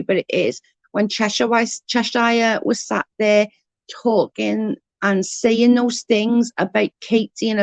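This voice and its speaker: Indignant woman, live-stream commentator, dry close sound, mid-pitched voice. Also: dry recording. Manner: outraged, emphatic, reads and answers chat.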